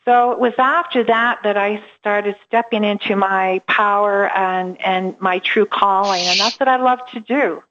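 A middle-aged woman telling a personal story in an animated way, slipping into voices for the people she quotes and laughing as she goes. Her pitch sits mid-range for a woman. The sound is dull and lo-fi, like audio from an online call. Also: a little slow, few pauses. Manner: lively storyteller who acts out quoted dialogue and laughs often. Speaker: empowerment coach, guest. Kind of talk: storytelling in a remote interview.

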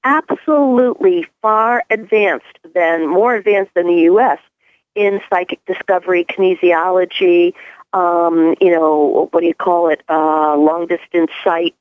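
A woman's voice: fairly low pitch, steady tone, a little slow, dry recording. A woman with a New York accent, a guest on an interview show, musing and asking herself rhetorical questions. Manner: reflective, asks rhetorical questions. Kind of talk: casual chat. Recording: tinny phone-like line.

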